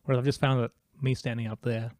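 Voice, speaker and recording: Young guy w/ an indian-kiwi accent w a bit of american, talks fast n laid back, dry close sound. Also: medium pitch, little pitch movement, a little mellow, no room sound. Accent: Indian and New Zealand mix with an American tinge. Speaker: stand-up comedian, guest. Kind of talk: casual interview chat.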